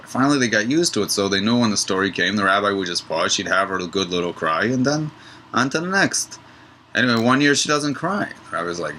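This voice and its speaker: A man teaching a relaxed, digressive Torah study lesson. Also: on the low side, brisk, a little hiss or hum, rough recording. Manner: relaxed, digressive, tells a joke mid-lesson.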